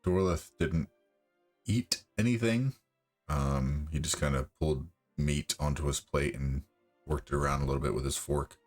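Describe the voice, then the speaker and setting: A man's voice: a bass voice, moderate pace, faint music behind. A man playing a tabletop game, asking questions and describing his character's actions. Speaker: player.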